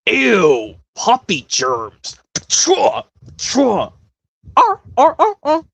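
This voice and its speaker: A man doing an impression of an excitable, squabbling cartoon dragon, squealing and shouting in a high voice. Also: very slow, creaky, slightly rough, dry recording, heavily acted.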